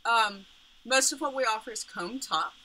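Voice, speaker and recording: A woman's voice: a little high, normal speed, bright, forceful tone, a little hiss or hum, rough recording. A woman who runs a yarn business, presenting her products and explaining each one, with frequent ums. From Pittsburgh area. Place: home studio, indoors.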